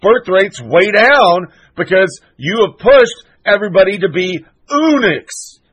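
A man's voice: high-pitched, expressive, measured pace, fairly bright tone, slightly rough, low-quality recording. A male show host delivering a solo commentary monologue, ranting in a fired-up, profane and sarcastic way.

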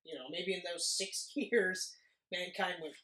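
A man's voice: high voice, bright, forceful tone. A man co-hosting a podcast, chatting casually and jokingly about a movie, rambling and laughing often. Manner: jokey, rambling, quick to laugh. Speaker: podcast co-host. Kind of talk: casual movie review chat. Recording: echoey room.

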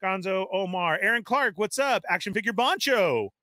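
Male livestream host, high and punchy, dry close mic, shout-out energy. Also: no room sound. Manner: energetic, reads viewer shout-outs rapid-fire. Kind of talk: casual live-stream chat.

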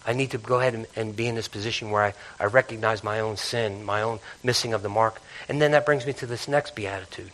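Preaching man, loud then hushed. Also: fairly even intonation, fast, few pauses, low-quality recording. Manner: swings between loud urgent bursts and low quiet reflection; repeats and restarts phrases, calls out hallelujah and amen. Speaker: pastor. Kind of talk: sermon.

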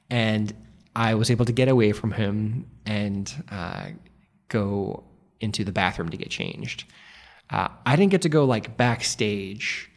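A man in his twenties telling a wry personal story on stage, rambling with "like". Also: lowish voice. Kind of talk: live storytelling.

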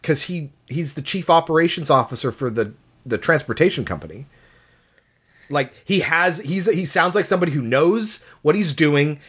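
Measured podcast co-host. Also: mid-range voice, lively intonation, fairly bright tone, breathy edge. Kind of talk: casual film discussion.

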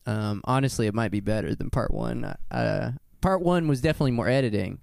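Podcast guy rambling casual, bit of fry, clean dry mic. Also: mid-range voice, a little fast, darkish tone, no room sound. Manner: loose and rambling, laughs often. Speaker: podcast host.

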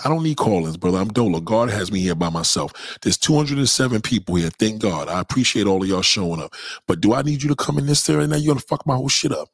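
A man's voice: fairly low pitch, no room sound. A man hosting a livestream, reading chat and ranting in a profane, heated, emphatic way. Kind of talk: casual livestream rant.

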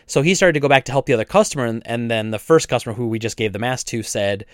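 A man's voice: medium pitch, quick pace, clean tone, no echo, clean studio sound. Indignant man telling a store story. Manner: animated retelling, acts out both sides with frequent restarts. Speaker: video game store owner. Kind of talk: casual storytelling chat.

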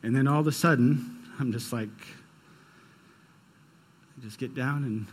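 A man's voice: mid-range voice, a little slow, breathy edge. A young man preaching a sermon, telling a personal story in a casual, conversational way. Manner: conversational, storytelling with quoted dialogue. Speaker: pastor.

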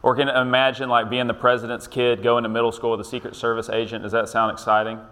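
A man's voice: mid-range voice, flat delivery, quick pace, a bit bright, long reverb tail. A man leading an interactive Bible lesson in a conversational way, often quizzing his listeners with questions. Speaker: Bible study leader.

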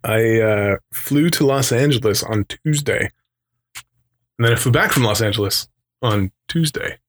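A man's voice: medium pitch, unhurried, a bit bright. Chatty man telling a rambling story. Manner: rambling storyteller who acts out quoted voices; laughs often between remarks. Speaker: podcast co-host. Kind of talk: casual chat.

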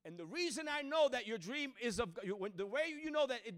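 A man preaching a sermon to a church, swinging from shouted exhortation to hushed, near-whispered storytelling. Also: extremely high pitch, expressive, a little fast, few pauses.

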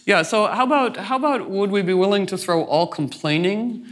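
A man's voice: high-pitched, moderate pace, fairly bright tone. A man talking as a guest in a reflective conversation, meandering and playful, with many restarts and acted-out asides.

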